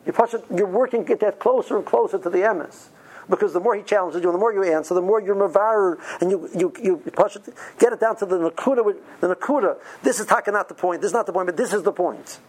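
A husky-voiced man lectures yeshiva students as their rebbe. He talks in an informal, lively way, stammering and restarting as he presses his points. His speech is full of Hebrew and Yiddish study terms. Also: high-pitched, fast talker, rough recording.

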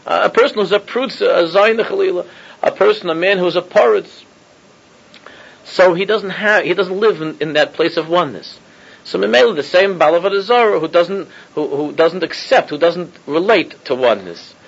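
A husky-voiced man gives an informal Torah class, peppering his talk with Hebrew and Yiddish terms. He circles back, restarts phrases and chuckles as he goes. The recording is dull and lo-fi. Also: high voice, moderate pace. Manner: mixes Hebrew and Yiddish terms, repeats himself, chuckles often. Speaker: rabbi teaching a class.

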